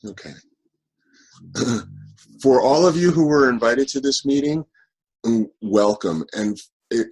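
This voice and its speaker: A man hosting an online forum over a video call, talking in a halting way full of fillers and restarts. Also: medium pitch, slightly rough.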